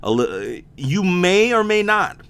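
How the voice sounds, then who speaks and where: A man's voice: high-pitched, very animated, slow pace, a bit bright, clean tone. Man talking with a slight lisp. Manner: rambling, candid, swears freely, restarts often. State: sore mouth from impacted wisdom teeth. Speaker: podcast host. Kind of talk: casual solo podcast monologue.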